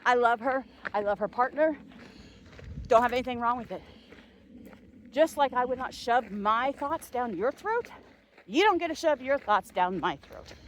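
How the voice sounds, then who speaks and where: A middle-aged woman vlogger delivers a heated, emphatic and sarcastic angry rant, recorded outdoors while she's out on a walk. Her voice is a little high, with a bit of hiss or hum in the audio.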